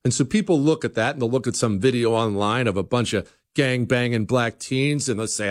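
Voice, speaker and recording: A man's voice: a little fast, hardly any pauses, no echo, studio quality. A man hosting an opinion monologue, speaking emphatically and asking rhetorical questions. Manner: emphatic, rhetorical questions, animated swings in pitch.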